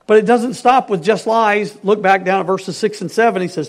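A male pastor preaching a sermon in an earnest way, moving between emphatic lines and hushed ones. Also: sits high, moderate pace, hardly any pauses.

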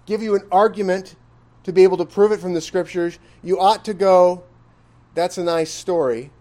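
A man's voice: high-pitched, mellow. A man preaching an expository sermon in a conversational style, questioning his listeners and pressing points with emphatic rises. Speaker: pastor.

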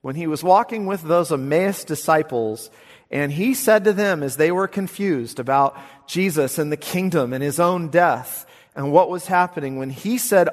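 A man preaching a sermon as pastor, animated, swinging from hushed asides to emphatic declarations. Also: on the high side, normal speed, in a large hall.

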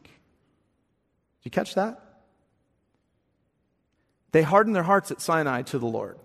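A man's voice: a little high, sing-song, takes it slowly, vocal fry, pauses often, a bit bright. A male pastor preaching a sermon with emphatic delivery, often repeating words as he presses a point. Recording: long hall reverb.

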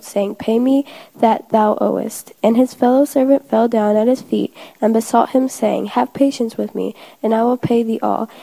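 A woman reading a long scripture passage aloud in a sermon, steady with the odd slip. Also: a little high, gravelly, poor audio. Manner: steady reading of old-fashioned verse, occasional slips. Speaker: scripture reader.

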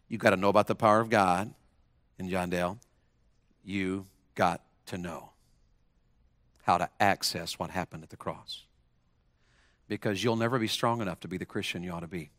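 A man's voice: fairly low pitch, fairly bright tone, dry recording. A man preaching to students, using a volunteer as an illustration and leading them in call-and-response phrases. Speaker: preacher at a school chapel. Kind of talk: sermon to students.

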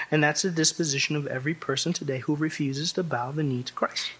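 A man's voice: a little high, fairly even intonation, fast talker, fairly bright tone, husky. A man preaching an expository sermon, emphatic and conversational, often restarting phrases and asking the congregation rhetorical questions. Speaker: pastor.

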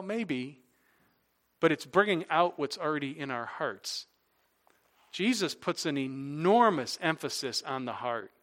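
A man's voice: medium pitch, a bit bright. A male pastor preaching a sermon, telling everyday stories, repeating his main point with emphasis, and closing in prayer. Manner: illustrative storytelling and emphatic repetition, closing in prayer.

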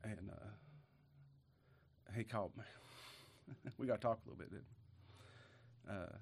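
A pastor preaching a folksy sermon while sick with a cough and short of breath, moving from quiet musing to loud emphatic lines. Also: male voice, lowish voice, unhurried, slightly rough.

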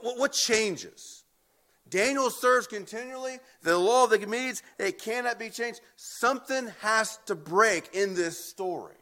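Pastor guy preaching a sermon, bright punchy voice, kinda high, repeats words for emphasis. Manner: emphatic, repeats words when building a point. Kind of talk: expository sermon.

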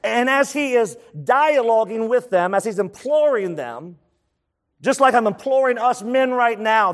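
High-voiced preaching man. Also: expressive, measured pace. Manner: preacherly, emphatic, asks the congregation questions. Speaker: pastor. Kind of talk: sermon.

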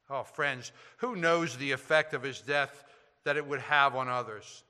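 A man preaching a sermon, swinging between loud emphasis and hushed, quiet passages. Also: mid-range voice, unhurried, big-room sound. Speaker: pastor.

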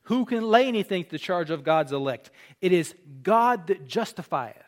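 Preacher guy with a high voice, earnest, gets loud and emphatic on the big points. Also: expressive, moderate pace. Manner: rising to emphatic peaks on key points; teaching in an earnest conversational tone. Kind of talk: sermon.

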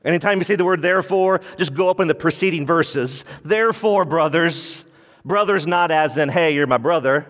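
A man's voice: fairly high pitch, normal speed, fairly bright tone, long reverb tail. A male pastor preaching a sermon in an emphatic, conversational way, often repeating himself as he works through a passage.

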